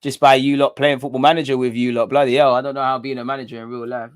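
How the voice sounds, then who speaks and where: Man, British accent, livestream host, slangy casual chat, animated and chatty, mid-pitched voice. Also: fast, clean tone. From England.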